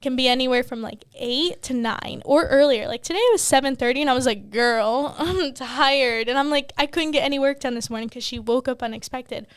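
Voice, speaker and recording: A woman's voice: high voice, quick pace, few pauses, clean tone, no room sound. A young woman and new mom co-hosting a podcast, rambling candidly with lots of "like" and casual swearing. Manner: rambling, heavy on "like", swears freely.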